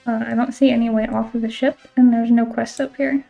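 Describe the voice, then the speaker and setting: Woman game streamer, casual chat, higher voice, mellow tone, faint music behind. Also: little pitch movement, brisk, creaky. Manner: chatty, fills talk with "like", swears casually.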